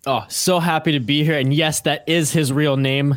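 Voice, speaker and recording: An upbeat man talking on a podcast, a little higher-pitched than most men. The sound is close and dry. He jokes and laughs easily through casual chat. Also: fairly even intonation, moderate pace, dry recording. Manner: upbeat, jokey, laughs often. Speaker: podcast co-host guest.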